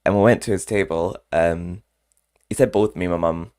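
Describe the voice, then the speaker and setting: A man's voice: low voice, fairly even intonation, moderate pace, darkish tone. A man chatting casually in a rambling vlog, often laughing between remarks. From Scotland. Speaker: vlogger. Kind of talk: casual chat.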